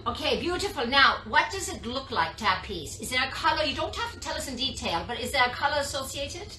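A woman's voice: high-pitched, sing-song, quick pace, sharp tone, echoey room, recorded from a distance, slight background noise, rough recording. A woman leading a guided visualization for a small group, playful and teasing, often laughing. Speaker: session leader.

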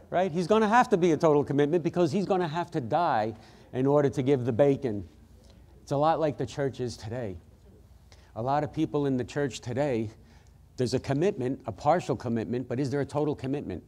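Fervent pastor guy preaching, warm mellow voice, lots of praise shouts. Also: mid-range voice, fairly quick, pauses often. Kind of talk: sermon.

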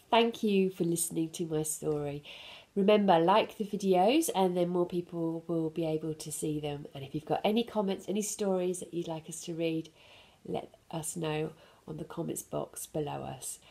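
A woman hosting a children's storytime, reading a picture book aloud in a gentle, sing-song way with soft laughs. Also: lowish voice, gravelly.

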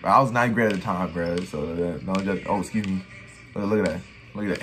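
A young man giving excited reaction commentary on his old basketball footage, trash-talking and repeating his phrases. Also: lowish voice, fairly quick, a little hiss or hum. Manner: hype trash talk, repeats phrases, keeps saying "bro". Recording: faint music behind.

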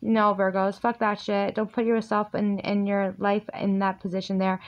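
A woman's voice: mid-range voice, flat delivery, normal speed, muffled recording. A woman giving a tarot reading, blunt and emphatic, swearing freely as she speaks straight to her viewers. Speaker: tarot reader.

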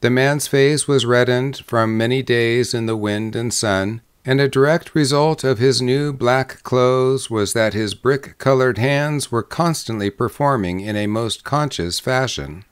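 A man reading a short story aloud as an audiobook narrator, with measured pacing that slows on descriptive lists. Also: mid-range voice, clean tone. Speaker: audiobook reader. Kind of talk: scripted narration.

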